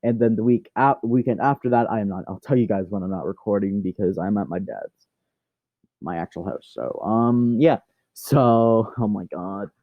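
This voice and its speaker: A man's voice: on the low side, normal speed, dry recording. Guy rambling thru a fan what-if story, keeps correcting himself, muffled dry audio. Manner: rambling, self-correcting, chatty.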